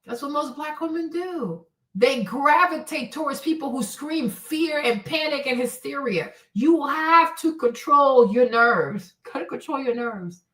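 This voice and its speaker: A livestream host in her forties delivers a casual rant, preachy and blunt, leaning on "right?" again and again. Her voice rides high with lively melody, a fairly bright tone and an unhurried pace, captured slightly off-mic in an echoey space.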